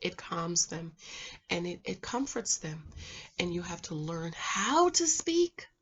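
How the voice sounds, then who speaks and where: A woman in her thirties hosting her own channel, chatting like a girlfriend as a relationship mentor and often dropping to a soft, calm voice. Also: takes it slowly, husky, lo-fi sound. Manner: chatty, sisterly, drops to a soft low voice to demonstrate. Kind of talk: casual chat to camera.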